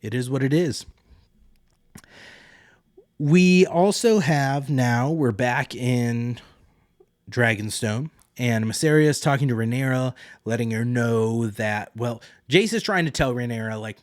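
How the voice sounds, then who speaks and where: A man's voice: mid-range voice, unhurried, no room sound, clean studio sound. A young man hosting a podcast alone, chatting through a recap in a rambling way and acting out quotes. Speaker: podcast host. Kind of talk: solo casual recap.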